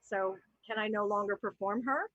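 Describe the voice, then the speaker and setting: A woman from New Jersey talks animatedly and candidly on a live panel show, thinking aloud as she goes. Her voice is bright and dry, and the video call audio is muffled. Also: medium pitch, moderate pace, no room sound. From New Jersey, USA. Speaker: actor and improv performer.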